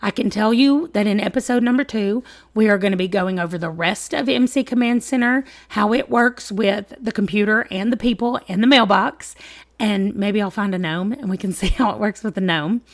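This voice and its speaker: A woman's voice: medium pitch, moderate pace. A woman who sounds sick, hosting a casual game tutorial and explaining step by step in a chatty way, with emphatic warnings.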